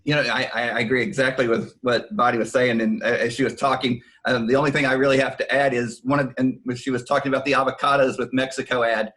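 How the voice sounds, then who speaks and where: A man's voice: mid-range voice, flat delivery, fast talker, few pauses, fairly bright tone, low-quality recording. A man on a discussion panel who speaks hesitantly, with many restarts. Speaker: panel guest.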